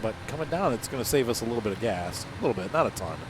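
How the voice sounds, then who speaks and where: A man's voice: mid-range voice, lively intonation, very fast. A man with a stuffed-up nose from allergies, casually commenting on his gameplay in a rambling, joking, self-deprecating way. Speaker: gaming channel host. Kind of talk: casual let's-play commentary. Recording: game engine and vehicle noise behind.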